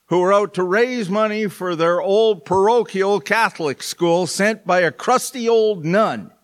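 A man's voice: high voice, fairly bright tone. A male pastor preaching a sermon in church, with joking, folksy asides to the congregation.

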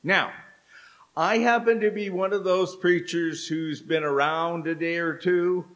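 A middle-aged man preaching a sermon in church, telling stories with dramatic pauses. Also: high voice, fairly even intonation, a bit bright. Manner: slow, storytelling delivery with dramatic pauses. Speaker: pastor. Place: church sanctuary.

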